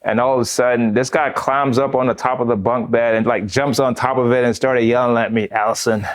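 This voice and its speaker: A man's voice: mid-range voice, steady tone, fairly quick. A man from the United States recounts his own memories in a casual, conversational interview. He tells it with animation and laughs at his own stories as he goes. He keeps dropping the word "man" between his phrases. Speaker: veteran guest.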